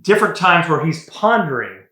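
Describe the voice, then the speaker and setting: A man's voice: fairly high pitch, big pitch swings, brisk, pushed and bright. A man co-hosting a casual film discussion, asking questions and pushing back. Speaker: podcast co-host. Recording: echoey room.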